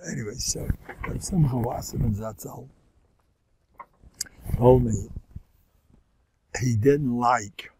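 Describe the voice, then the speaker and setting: A hoarse older man gives a rambling Torah class. His voice is raspy and full of fry, and it swings between near-whispers and sudden loud bursts. The sound is close and dry. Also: medium pitch, dry recording. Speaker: rabbi giving a Torah class. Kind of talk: informal Torah lecture with stories.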